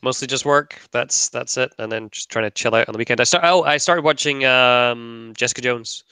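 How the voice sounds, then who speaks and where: A man's voice: mid-range voice, brisk, bright, forceful tone, clean tone, no room sound. A man co-hosting a casual podcast over a headset, laid-back and a little dismissive, with lots of ums. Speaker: podcast co-host. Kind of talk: casual chat.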